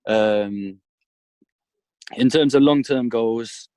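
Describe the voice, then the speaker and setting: A man's voice: mid-range voice, drawn-out words, mellow, dry recording. A man from the UK, an artist guest, answering modestly with many hesitations while shivering in a cold parked car. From United Kingdom. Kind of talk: casual interview answers.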